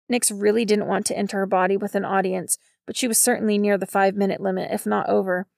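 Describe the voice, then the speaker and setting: A woman reads a novel aloud at a steady, measured pace. Her voice has a gravelly, creaky grain. The recording is close and dry, with no room sound. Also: medium pitch, no echo. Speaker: narrator. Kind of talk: audiobook narration.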